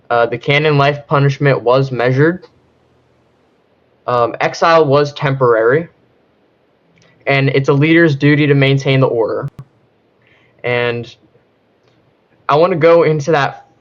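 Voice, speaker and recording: A man defending himself in a mock trial with friends, hesitant and full of "um" and "uh" while reaching for formal phrasing. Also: mid-range voice. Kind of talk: casual mock-courtroom defense. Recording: slightly dull lo-fi mic.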